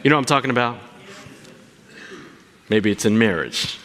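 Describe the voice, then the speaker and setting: A man preaching a sermon, animated and asking his listeners questions as he teaches. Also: medium pitch, moderate pace, big-room sound, slight background noise. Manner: animated, asks the congregation questions. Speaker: pastor.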